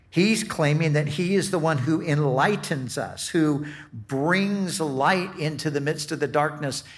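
A male pastor delivering a sermon, taking his time over every phrase. His voice sits a little higher than most men's, and he often restarts a sentence as he teaches. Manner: slow, deliberate teaching with many restarts.

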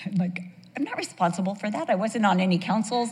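Animated woman teaching in a reverberant hall. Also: mid-range voice, fairly quick. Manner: animated, conversational storytelling. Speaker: Bible teacher. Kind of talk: sermon.

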